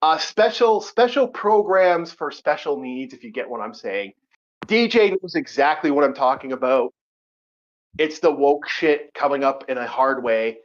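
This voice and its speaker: Man, podcast host, rambling casual chat, swears a lot, lively swooping pitch, dull lo-fi sound. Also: moderate pace. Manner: rambling, profane, laughs often. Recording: lo-fi muffled audio.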